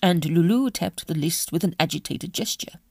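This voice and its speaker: A woman narrating a classic short story for a podcast in an expressive, measured reading. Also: on the low side, no echo, clean studio sound. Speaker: audiobook reader.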